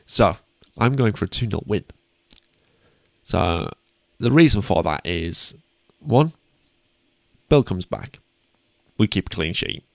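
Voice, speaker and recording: British co-host: very low, gravelly voice, dry close sound. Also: male voice, expressive, no room sound. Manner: upbeat, self-deprecating, quick asides. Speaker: podcast co-host. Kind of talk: casual sports chat.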